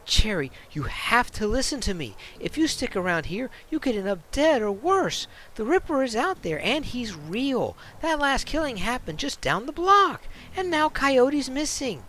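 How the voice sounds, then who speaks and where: A man's voice: very high-pitched, big pitch swings, unhurried, few pauses, pushed and bright, slight background noise, voice pushed up, heavily acted. A man voicing an earnest young man who pleads urgently with an ex-girlfriend.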